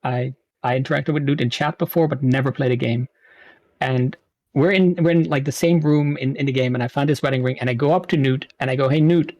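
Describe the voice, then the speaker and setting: A man in his thirties, a streamer guest, telling stories in a lively way with frequent laughs. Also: fairly high pitch, no room sound. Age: 30s. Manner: animated storytelling, quick laughs. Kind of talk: casual interview chat.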